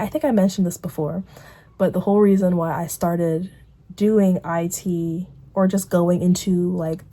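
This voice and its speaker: A woman's voice: medium pitch, mellow. A young woman vlogging casually, rambling through a catch-up and quoting herself with put-on voices.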